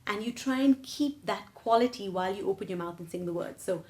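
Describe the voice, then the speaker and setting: A woman's voice: mid-range voice, brisk, a little mellow. A woman singing teacher giving a vocal lesson, explaining and checking in with "right?" and "okay?". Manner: explains, then sings short phrases to demonstrate. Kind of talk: vocal lesson with sung demonstrations.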